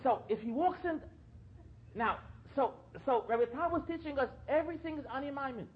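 A man's voice: very high-pitched, brisk. Guy preaching at a gathering, keeps repeating lines for emphasis, dull lo-fi recording. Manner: animated, repeats phrases for emphasis. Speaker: speaker at a religious gathering. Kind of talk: sermon-style talk with storytelling.

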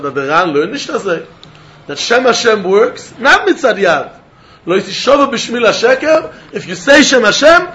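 A man with a high, bright voice and a forceful tone teaches a yeshiva-style Talmud class in a singsong study chant, mixing English with Hebrew, Aramaic and Yiddish terms. The recording sounds muffled.

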